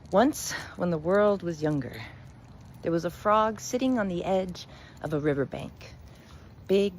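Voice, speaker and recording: A woman storyteller and spiritual reader, telling a fable and reflecting on it in a measured, gentle way. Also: fairly low pitch, slight background noise.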